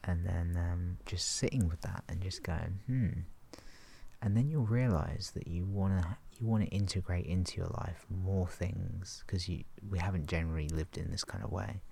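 Guy, deep gravelly voice, dark tone, wanders gently through his thoughts. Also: moderate pace, a little hiss or hum. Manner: rambling, gentle, laughs softly, acts out inner voices. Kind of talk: relaxed casual monologue.

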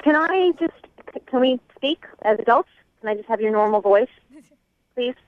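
A woman's voice: fairly high pitch, expressive, normal speed. A woman speaking on the phone, exasperated and insistent. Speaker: caller pranked on the phone. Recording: tinny phone line.

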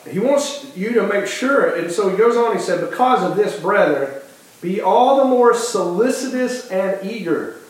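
A man preaching a sermon with passion, often restarting phrases and acting out quoted dialogue. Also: sits high. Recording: very echoey hall.

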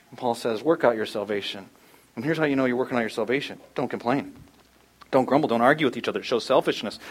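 A man preaching a sermon, animated, acting out quoted voices in loud, high bursts. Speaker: pastor.

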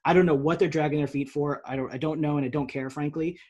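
A man's voice: on the high side, steady tone, fast talker, darkish tone, husky. A man co-hosting a casual sports podcast, opinionated and emphatic. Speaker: podcast co-host.

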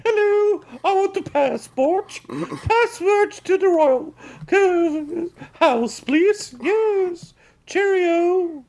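A woman from Norway putting on the voice of a posh, prim British queen, high-pitched and prim. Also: expressive, extremely slow, a little mellow, exaggerated voice.

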